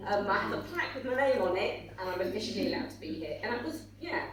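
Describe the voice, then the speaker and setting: A woman's voice: mid-range voice, big pitch swings, quick pace. Emotional woman author in an echoey hall. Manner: emotional, apologetic, rambling with fillers. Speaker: author on a panel. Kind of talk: conference panel answer. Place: conference hall. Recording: echoey hall from far off with faint hum.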